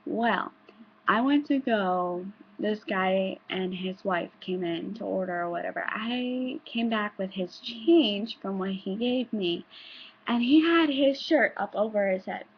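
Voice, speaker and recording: A young woman vlogger tells stories casually and ramblingly, restarting sentences and swearing now and then. Her mid-range voice is husky and measured in pace. It's a dull, lo-fi home recording.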